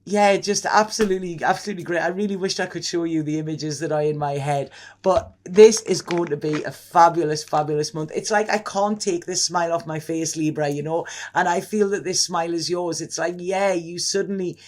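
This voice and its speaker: A man's voice: a little high, fairly quick, a little hiss or hum. A man giving a casual tarot reading to camera, effusive and rambling, often restarting and laughing. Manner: excitable. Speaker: tarot reader.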